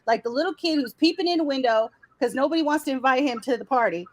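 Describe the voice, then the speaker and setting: High-voiced woman mocking a streamer. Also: expressive, fast talker, no echo, rough recording. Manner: mocking, blunt, profane. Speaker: channel host. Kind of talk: commentary on a stream clip.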